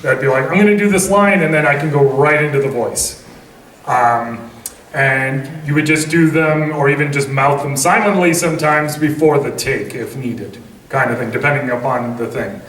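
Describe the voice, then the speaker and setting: A man's voice: mid-range voice, fairly even intonation, normal speed, a bit bright, a little hiss or hum. A man voice actor on a convention panel, rambling through his answer with many fillers. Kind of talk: panel talk. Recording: echoey hall, mic from far off.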